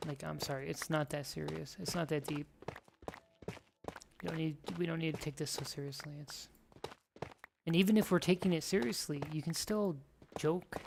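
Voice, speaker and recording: Gravelly, rambling live streamer. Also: medium pitch, moderate pace, long pauses. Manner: rambling, joking storytelling. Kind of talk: casual chat while gaming. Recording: steady background noise.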